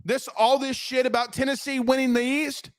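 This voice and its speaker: A man hosting a postgame sports talk show, ranting in a brash, profane, rapid-fire way. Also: extremely high pitch, little pitch movement. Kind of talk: fired-up postgame sports rant.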